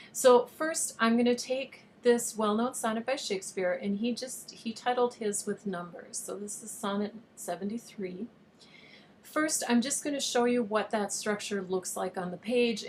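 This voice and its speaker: A woman teacher talks through a recorded video lesson in a patient, explanatory way. Her pitch sits in an ordinary middle range. A faint hiss of background noise runs under her voice. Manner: patient, explanatory, reads verse with overstressed rhythm. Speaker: online high school teacher.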